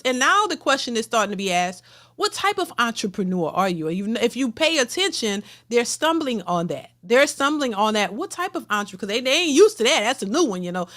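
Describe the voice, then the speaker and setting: A woman hosting her own reaction vlog, talking in an emphatic, blunt rant. Her voice sits high and sounds bright and cutting. She circles back and repeats herself to drive each point home. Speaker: reaction channel host. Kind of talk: ranting commentary.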